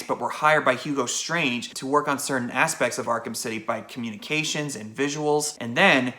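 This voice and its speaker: A man's voice: mid-range voice, sharp tone. A man giving a casual video game review, chatty and recapping the plot with asides.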